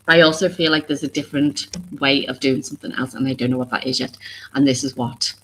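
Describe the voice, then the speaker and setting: A woman's voice: a bass voice, fairly even intonation, fast talker, fairly bright tone, husky, low-quality recording. A woman hosting a live stream about oracle cards. She talks to viewers in a rambling, earnest way, openly emotional and full of restarts. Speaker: oracle card reader and live stream host.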